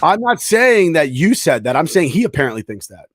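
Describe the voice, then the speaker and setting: A man's voice: a little high, very animated, a little fast, dry recording. Insistent podcast co-host man, dry sound. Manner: insistent, argues with long examples. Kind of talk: casual argumentative chat.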